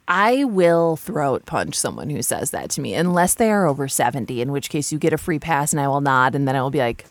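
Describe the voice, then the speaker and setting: A woman's voice: low-pitched, big pitch swings, a little fast, hardly any pauses, no echo. A woman in her forties speaking as a guest, talking candidly with frequent fillers, restarts and blunt profanity. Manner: frank, profane, self-deprecating, many fillers and restarts. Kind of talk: candid conversational storytelling.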